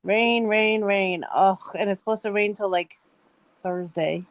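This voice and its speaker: A woman co-hosting a live stream in lively, casual chat. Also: medium pitch, measured pace. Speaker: co-host and transcript reader.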